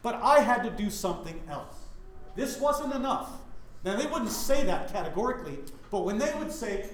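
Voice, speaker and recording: A middle-aged pastor from Wyoming leads a Bible study in a church and keeps throwing questions at his listeners. His voice sits fairly high for a man. The room gives it a clear echo. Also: normal speed, a little hiss or hum. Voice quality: animated, questioning the audience.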